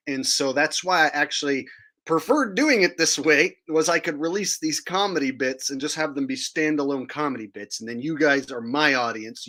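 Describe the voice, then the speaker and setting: A man's voice: mid-range voice, a bit bright. A man talking casually to his stream audience, explaining things loosely with plenty of filler words. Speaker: streamer and comedian.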